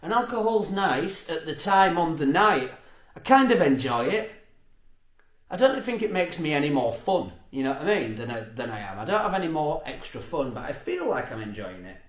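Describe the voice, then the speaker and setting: A man's voice: fairly high pitch, sing-song, moderate pace, echoey room. A man telling everyday stories in a rambling casual monologue, swearing, laughing often and asking "you know what I mean". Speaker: podcast host.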